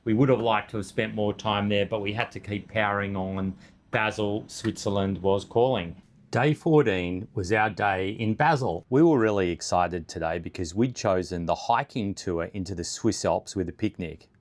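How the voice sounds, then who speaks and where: Relaxed middle-aged guy telling travel stories, lots of ums, slightly low voice. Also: normal speed, slight background noise. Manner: relaxed, easygoing storytelling with fillers. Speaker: travel show co-host. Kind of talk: casual travel recap chat.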